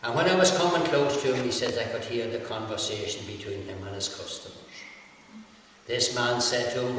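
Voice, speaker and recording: A man's voice: medium pitch, fairly quick, a bit bright. An Irish man telling a local folk story in a chatty way, dotted with repeated "he said" tags. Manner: chatty, with frequent "he said" tags and laughter. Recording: echoey hall, mic far off, faint hiss.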